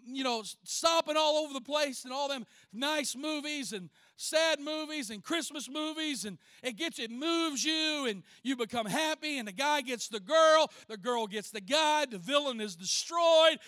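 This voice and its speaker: A pastor preaches in a folksy, animated way, teasing the congregation with everyday stories before turning serious. His voice sits unusually high for a man and rings bright and forceful. The sound is close and dry, with no room echo. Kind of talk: sermon.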